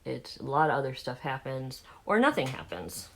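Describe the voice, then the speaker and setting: Low-voiced chatty Southern woman. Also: big pitch swings, normal speed, gravelly, a bit bright, slight background noise. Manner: rambling, candid, with many fillers and restarts. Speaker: beauty vlogger. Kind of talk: casual chat while doing makeup.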